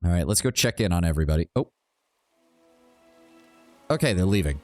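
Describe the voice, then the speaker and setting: A man's voice: deep voice, lively intonation, a little fast, no room sound, faint music behind. Chatty, blunt man streaming a game. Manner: blunt and chatty, swears freely, reads dialogue choices aloud. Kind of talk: casual let's-play commentary.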